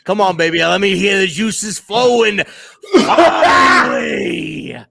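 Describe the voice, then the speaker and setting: A man co-hosting a sports talk show who delivers a booming, drawn-out ringside-style hype intro. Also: vocal fry, raised voice, very noisy. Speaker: co-host.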